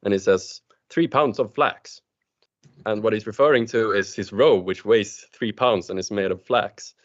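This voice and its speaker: A man speaking up as a student in an online seminar, measured and a little hesitant. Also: lowish voice. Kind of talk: casual seminar discussion. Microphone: video call. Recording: lo-fi online call audio.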